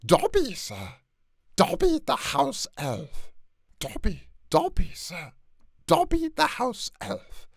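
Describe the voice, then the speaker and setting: A man voicing a small, eager male house elf in a squeaky, strained voice, sliding between high yelps and low mutters. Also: huge pitch swings, slow, creaky, dry recording, studio quality, heavily acted. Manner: eager and breathless, slipping into a hiss. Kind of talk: comedic character impression.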